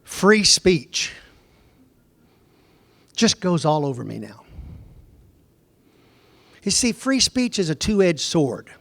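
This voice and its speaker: Middle-aged man, Bible lesson lecturer; high-pitched, conversational, quizzes the room, dry close recording. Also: sing-song, takes it slowly, vocal fry, long pauses, fairly bright tone, no echo. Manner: conversational, digressive, asks the class questions. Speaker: Bible teacher.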